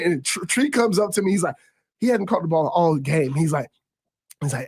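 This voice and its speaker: A man in his thirties, a former quarterback, telling game stories in casual sports talk, repeating words as he goes and jumping high in pitch when he quotes others. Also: expressive, brisk, darkish tone, breathy edge. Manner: repeats words while gathering thoughts.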